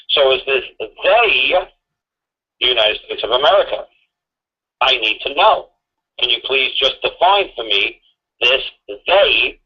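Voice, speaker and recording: Husky man hammering rhetorical questions. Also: medium pitch, lo-fi sound. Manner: insistent rhetorical questioning, profane. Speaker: guest speaker on a call-in show. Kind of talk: emphatic talk radio lecture.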